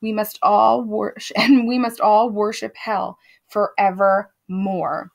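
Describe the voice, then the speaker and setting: In a slow, gravelly mid-range voice with little pitch movement, a woman teacher casually sums up a literary text for her students. She keeps it conversational and chatty, full of fillers and asides, like an easygoing spoken lesson recap.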